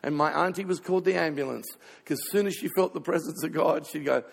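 Man preaching, playful storyteller, high gravelly voice, long hall reverb. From Australia. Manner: storytelling, playful, quick asides. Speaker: pastor. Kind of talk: sermon with comic stories.

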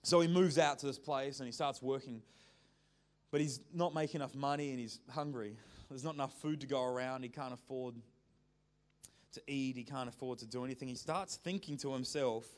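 A man's voice: mid-range voice, brisk. A man preaching a sermon, telling a story in a conversational, joking way. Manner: conversational, lively storytelling with jokes.

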